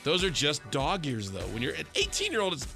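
A man's voice: on the high side, huge pitch swings, brisk, pushed and bright, faint music behind. A man co-hosting a radio show, reading celebrity news with sarcastic asides. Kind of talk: morning radio banter.

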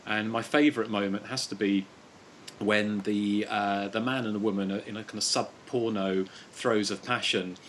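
A man's voice: fairly low pitch, fairly even intonation, normal speed, a bit bright, slight background noise. Rambling man hosting a podcast. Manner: rambling, chuckling, quotes films with mock moans. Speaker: podcast host. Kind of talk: casual podcast chat.

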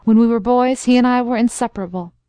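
Casting: woman doing a courtly old gentleman colonel for an audiobook, hearty and kind, dry sound. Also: on the high side, fast talker, clean tone, no echo, lightly acted. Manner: hearty, gracious.

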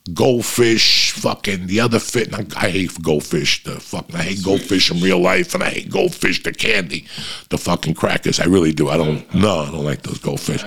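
A man's voice: low voice, vocal fry. A middle-aged man hosting a podcast, telling long profane rambling stories to his listeners. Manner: profane, rambling, animated anecdotes. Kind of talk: casual rambling storytelling.

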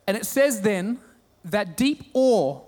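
A man with an Australian accent preaching a sermon, telling stories with humor and animated retellings. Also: high-pitched, slow, in a large hall. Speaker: pastor.

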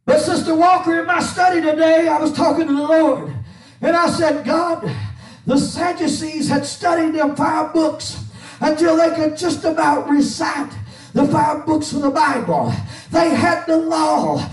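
A man preaching to a church congregation, shouting his lines in a chanted, sing-song style with frequent "uh" fillers, in an echoey church. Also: very high-pitched, unhurried. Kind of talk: whooping chanted sermon. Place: church sanctuary. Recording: echoey room, far from mic, with music.

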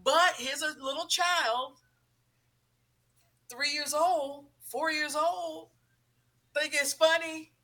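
A middle-aged woman hosts a talk show and tells a family story. Her voice is bright and forceful. She acts out each quoted line as she goes. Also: high voice, slow, long pauses. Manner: animated storytelling, acting out quoted dialogue.

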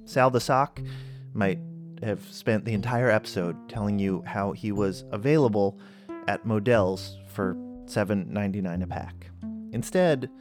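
A man hosting a podcast, speaking in a calm, measured, deadpan way. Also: on the low side. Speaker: podcast host. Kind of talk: deadpan interview and scripted fundraising appeal.

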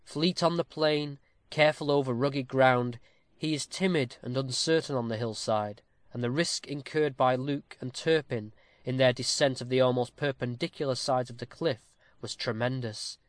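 Guy reading an old novel aloud, even formal pace, dry close mic. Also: mid-range voice, normal speed, dry recording. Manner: steady, formal storytelling cadence. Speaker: audiobook narrator. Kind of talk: scripted narration of a classic novel.

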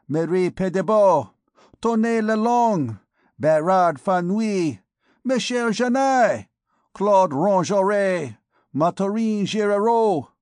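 A man's voice: fairly high pitch, no room sound, studio quality, full character voice. A man voicing a rowdy beggar king who bellows out names like an auctioneer.

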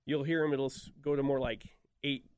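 A man's voice: mid-range voice, fairly even intonation, fairly quick, a little mellow, clean tone, dry recording, studio quality. A man on a radio talk show explaining duck calling, voicing quacks to demonstrate and cracking easy jokes. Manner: demonstrates calls by voicing quacks, laid-back and joking. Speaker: duck call expert guest.

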